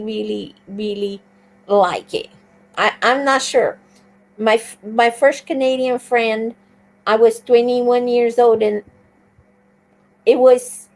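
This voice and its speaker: A woman guest on a live stream, telling stories with animated enthusiasm. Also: fairly high pitch, rough recording. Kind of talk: casual conversation.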